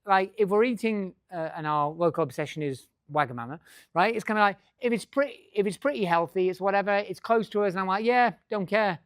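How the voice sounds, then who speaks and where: A man's voice: high-pitched, fast, clear, resonant tone, dry recording, clean studio sound. A middle-aged man giving a business talk to a live audience, joking and swearing freely. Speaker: business speaker.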